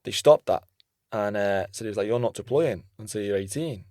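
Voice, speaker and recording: A man's voice: fairly low pitch, fairly quick, mellow, no room sound, clean studio sound. A man from Britain, a serving soldier and army fitness coach, telling stories in a plain, matter-of-fact way with some swearing. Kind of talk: casual chat.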